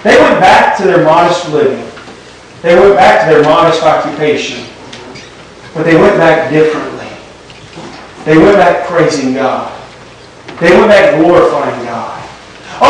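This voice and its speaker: Man preaching, high voice, storytelling, emphatic peaks, echoey church from far off. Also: a little hiss or hum. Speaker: pastor. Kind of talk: sermon. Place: church sanctuary.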